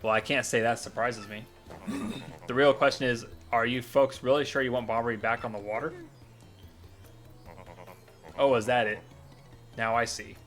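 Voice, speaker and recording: A man streaming a game reads its dialogue aloud at an ordinary middle pitch. He gives the lines a light dramatic lilt and corrects himself when he trips over a word. Faint game music plays behind him. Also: steady tone, normal speed, pauses often, fairly bright tone. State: coughing at times. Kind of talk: casual reading of game text aloud.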